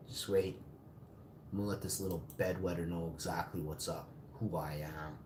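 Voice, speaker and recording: A forty-year-old man rants on a live stream in a low voice, swearing and bitter. An echoey room rings around him, with a faint hum of ambience behind. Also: fairly even intonation, moderate pace, darkish tone. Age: 40s. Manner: profane, bitter, ranting. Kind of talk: angry live-stream rant.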